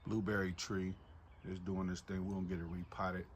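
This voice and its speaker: A man casually walking viewers through his home garden, chatty and relaxed, calling them y'all. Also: low voice, brisk, a little hiss or hum. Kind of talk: casual walk-through narration. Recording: music playing clearly behind the voice.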